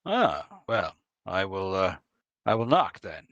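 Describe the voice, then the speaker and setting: A man's voice: low voice, sing-song, slow, a bit bright, dry recording, muffled recording. A man playing a tabletop game, speaking in character with wry, playful politeness. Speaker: player. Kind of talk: in-character tabletop role-play.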